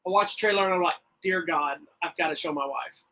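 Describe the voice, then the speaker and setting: A middle-aged man co-hosting a podcast, telling stories in a rambling, animated way with frequent restarts. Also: on the high side, fast talker, low-quality recording. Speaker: podcast co-host. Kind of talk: casual chat.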